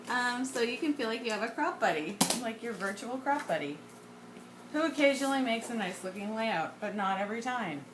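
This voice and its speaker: A woman's voice: on the high side, expressive, moderate pace, background noise. A woman chatting casually while she scrapbooks, rambling off on tangents and laughing often. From United States. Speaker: scrapbooking vlogger.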